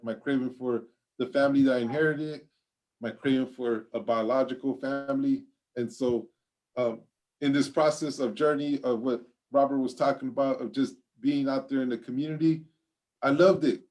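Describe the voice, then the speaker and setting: A man's voice: medium pitch, darkish tone, rough recording. A man speaking as co-presenter, earnest and reflective, drawing out words for emphasis. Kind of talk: casual reflective talk.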